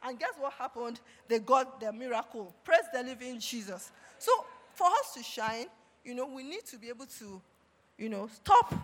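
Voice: medium pitch, fairly bright tone. A preacher delivers a sermon in a mid-range voice, reading passages of scripture and stopping often to call out praise. The voice rings with the long reverb of a large hall. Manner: punctuates with repeated praise calls, reads scripture aloud.

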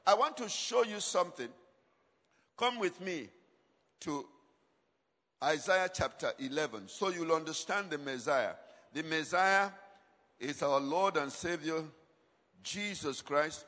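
Male preacher, high bright voice, call-and-response sermon in a long-reverb hall. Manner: call-and-response questions to congregation; emphatic, dramatic shifts in volume.

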